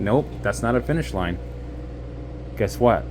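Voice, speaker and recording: A man coaching viewers through exposure practice in a casual vlog, acting out an anxious walk and then explaining it in an animated way. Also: mid-range voice, moderate pace, pauses often, slight background noise. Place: out and about, then in a car.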